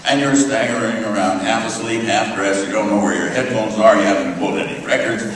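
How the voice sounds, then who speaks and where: A man's voice: fairly low pitch, fairly even intonation, fairly quick, slight background noise. Older man telling wry stories in a hall. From United States. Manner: wry storyteller, dry jokes, uh fillers. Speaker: guest speaker. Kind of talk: humorous lecture anecdotes. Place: large lecture hall. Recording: echoey hall recording from far off.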